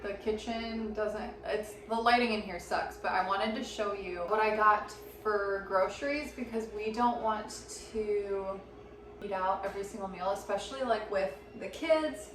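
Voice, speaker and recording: A woman's voice: medium pitch, a little slow, fairly bright tone. A woman in her thirties, a mother vlogging from a vacation rental kitchen, talking casually and rambling a bit with fillers as she shows her groceries. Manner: chatty, loose and rambling with fillers. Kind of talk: casual chat, showing groceries. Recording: echoey kitchen with background noise.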